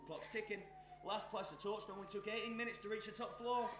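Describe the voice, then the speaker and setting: A man's voice: high voice, fairly even intonation, a little fast, roomy sound, noisy background, close to an everyday voice. An actor playing a menacing, scheming male arsonist on stage, taunting and sneering. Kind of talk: stage play performance.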